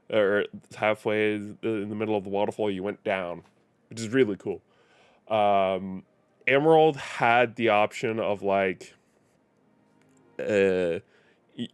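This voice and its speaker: A man's voice: fairly low pitch, clear, resonant tone, no room sound. A man streaming live, chatting casually and rambling, often correcting himself and chuckling. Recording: faint music behind.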